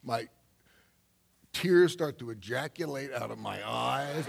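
An older man telling a personal story on stage in a rambling way, laughing often and breaking into sudden loud bursts. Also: medium pitch, lively intonation, unhurried, vocal fry, background noise. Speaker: speaker on stage. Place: stage before an audience.

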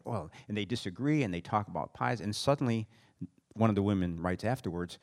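A man's voice: low voice, quick pace, a little mellow. A man in casual conversation, telling anecdotes animatedly and laughing often. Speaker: interviewer and friend.

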